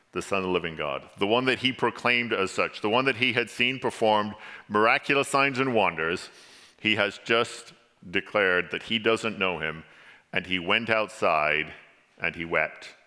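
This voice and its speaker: A man born in England preaching a sermon with dramatic storytelling, rising to pleading and sinking to a somber hush. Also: on the low side. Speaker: pastor. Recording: long hall reverb.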